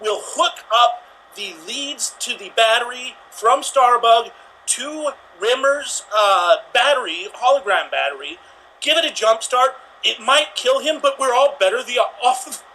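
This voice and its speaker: A man's voice: very high-pitched, animated, unhurried, bright, forceful tone, slight background noise, full character voice, rough recording. A man playing a pompous, fussy male spaceship crewman in an online improv game, speaking in a prim, formal way.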